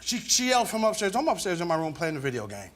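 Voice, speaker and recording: Fast-talking defensive man, high voice. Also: wildly swooping pitch, fairly bright tone. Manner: defensive, repeats denials, swears. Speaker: guest. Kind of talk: heated talk-show argument. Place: TV studio stage.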